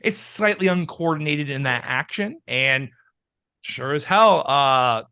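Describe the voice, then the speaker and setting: A young man with a bright, forceful, slightly high voice tells a rambling story on a chatty podcast. He laughs often and keeps piling on filler as he talks. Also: lively intonation, a little slow, clean tone. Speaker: podcast co-host. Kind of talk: casual chat.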